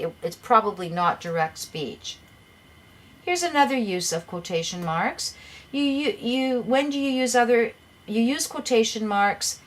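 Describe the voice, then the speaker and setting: A middle-aged woman with a mid-range voice teaches an English grammar lesson, explaining patiently and sometimes repeating words as she goes.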